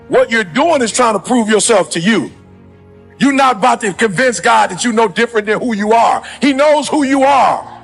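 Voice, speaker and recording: Impassioned high-voiced male motivational speaker. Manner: impassioned, preacher-like delivery. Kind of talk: motivational speech.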